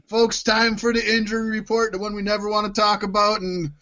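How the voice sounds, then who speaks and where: A man's voice: high voice, completely flat delivery, a little fast, bright, forceful tone. A man co-hosting a podcast, laughing a lot and reading news items in casual comedic chat. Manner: giggly, jokey, reads news. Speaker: podcast co-host.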